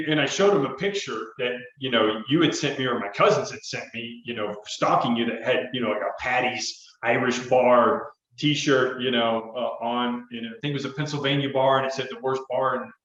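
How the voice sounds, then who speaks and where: A man's voice: mid-range voice, a little fast, a bit bright. A middle-aged man hosting a podcast, chatting in a rambling, jokey way. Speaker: podcast host. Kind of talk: casual chat. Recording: echoey, distant, dull audio.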